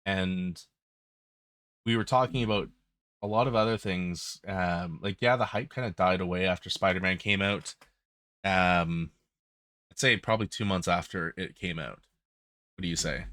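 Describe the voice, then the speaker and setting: Deep-voiced blunt male podcast host. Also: normal speed, pauses often, a bit bright, no room sound, studio quality. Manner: blunt, candid, with filler ums. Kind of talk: casual podcast chat.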